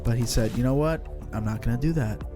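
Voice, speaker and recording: A man co-hosting a casual podcast, throwing in deadpan quips and joking retellings. His voice sits in a middle range. Music plays clearly behind him. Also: medium pitch, fast talker. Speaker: podcast co-host. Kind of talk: casual chat.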